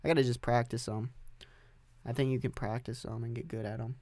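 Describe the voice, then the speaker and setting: A man's voice: mid-range voice, level tone, fairly quick, darkish tone, dry recording. Profane rambling young man podcasting solo. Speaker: podcast host. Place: home music recording setup.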